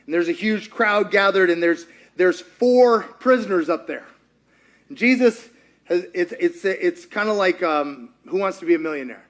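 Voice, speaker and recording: A man preaching a sermon, retelling a story in a lively conversational way and acting out the characters' lines. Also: fairly high pitch. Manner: acts out quotes in character voices, lively and conversational. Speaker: pastor.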